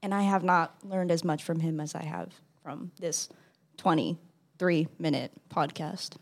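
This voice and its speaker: A podcast guest making dry, deadpan jokes in casual banter. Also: mid-range voice, a little slow, gravelly.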